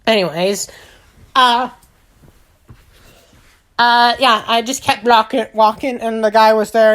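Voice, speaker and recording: Slow, rambling woman host. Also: a little high, steady tone, a bit bright. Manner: rambling and silly, with lots of filler sounds. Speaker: gaming channel host. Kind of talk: playful game recap narration.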